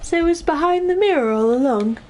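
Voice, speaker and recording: A woman's voice: high voice, animated, a little fast, noisy background, voice pushed up. A woman voicing a clever, polite male bird in a put-on British accent, with game music behind. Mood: musing.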